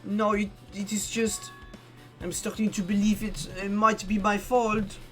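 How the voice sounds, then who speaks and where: A performer reading a timid, apologetic young female nurse's lines aloud, with a hesitant, halting delivery. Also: mid-range voice, little pitch movement, a bit bright, soft background music, natural voice. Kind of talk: reading game dialogue aloud.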